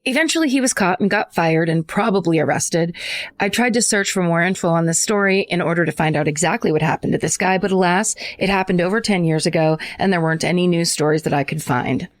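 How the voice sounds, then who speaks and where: A woman's voice: on the low side, fast. A woman co-hosting a podcast in casual chat, reading a listener's letter aloud with joking asides and frequent laughs. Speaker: podcast co-host.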